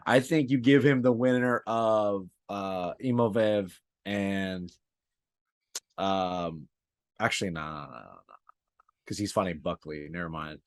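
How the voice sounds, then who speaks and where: A man chatting casually as a podcast co-host, slipping in curses and "dude" as he riffs. His voice sits a little low and sounds dry and close, with no room around it. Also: unhurried, no echo. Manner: loose, profane, says dude a lot. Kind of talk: casual sports chat.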